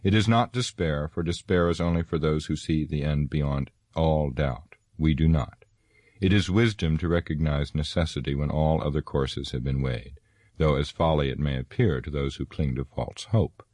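A stern old wizard, as a deep-voiced man puts him on speaks firmly and commandingly with a raised voice. The voice is very low and the recording is dry. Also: moderate pace, a little mellow, dry recording.

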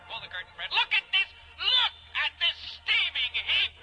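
A man's voice: very high voice, wildly swooping pitch, normal speed, loud music behind the voice, full character voice. A man voicing an oily, preacher-like host coaxing his friends to eat in a comedy radio sketch. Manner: unctuous, coaxing, sermon-like patter. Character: smarmy male preacher-style food huckster.

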